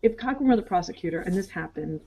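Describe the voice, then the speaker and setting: A woman co-hosting a casual show recap over a video call, animated and quick to act out people's lines. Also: lowish voice, gravelly, crowd noise, rough recording. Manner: animated, acts out characters' lines in quick asides. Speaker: podcast co-host.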